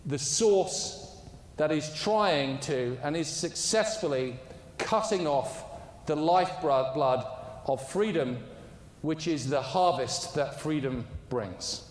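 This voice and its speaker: A man's voice: on the high side, lively intonation, slow pace. A man delivering a conference speech, telling an anecdote in an emphatic storytelling way. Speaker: conference speaker. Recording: echoey hall with long reverb.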